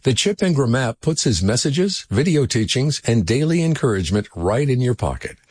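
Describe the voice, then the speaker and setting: A man's voice: mid-range voice, a little mellow, breathy edge, dry recording. A man reading a scripted radio program announcement in a friendly promotional tone. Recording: dry studio read over faint music.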